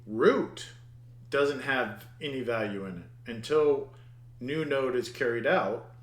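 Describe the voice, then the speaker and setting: A man's voice: medium pitch, slow pace, roomy sound. A man teaching a programming lesson over his screen, thinking aloud, muttering at the code and restarting his words. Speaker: programming instructor. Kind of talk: screen-recorded coding lesson.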